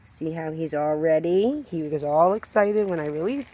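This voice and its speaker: A woman dog trainer giving a hands-on demonstration, explaining calmly between short firm commands to the dog. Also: low voice, normal speed.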